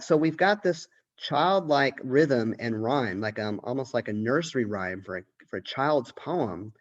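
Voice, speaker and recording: A man's voice: medium pitch, expressive, a little slow, few pauses, highs cut off. A man who is a college literature professor, giving a lecture and thinking aloud with restarts and questions. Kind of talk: recorded lecture.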